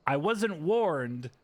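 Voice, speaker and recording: Animated man with a lively, rising voice. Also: fairly high pitch. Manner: animated and joking, with sudden yelps and swearing. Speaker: streamer playing a video game. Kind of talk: casual live-stream gameplay commentary.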